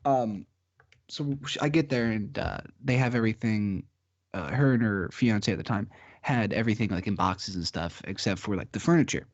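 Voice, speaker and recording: A young man with a mid-range voice tells a creepy story in a relaxed way and laughs along as he goes. His mic sounds a little dull and lo-fi. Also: mid-range voice, no room sound. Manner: laid-back, laughs through his story. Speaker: podcast co-host. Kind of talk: casual chat, telling ghost stories.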